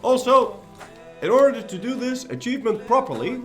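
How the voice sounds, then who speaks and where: Lively, rambling man streaming a game. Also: very high-pitched, moderate pace, soft background music. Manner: rambling, joking, swears freely. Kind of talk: casual live-stream chat.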